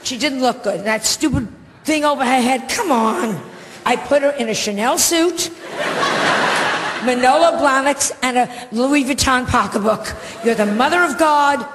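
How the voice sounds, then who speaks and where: A woman's voice: sits high, measured pace, heavy background noise. A female stand-up comedian doing bawdy, brassy, confiding live comedy. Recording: echoey live club recording with loud audience.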